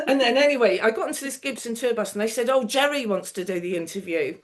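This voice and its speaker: A woman's voice: on the high side, fairly quick. A middle-aged woman, a television producer on as a guest, telling anecdotes in a casual chat, laughing often and acting out the people she quotes.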